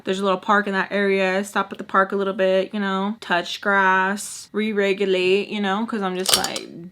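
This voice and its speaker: A woman's voice: medium pitch, moderate pace. Young woman telling a storytime vlog. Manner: casual, swearing, animated retelling. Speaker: vlogger.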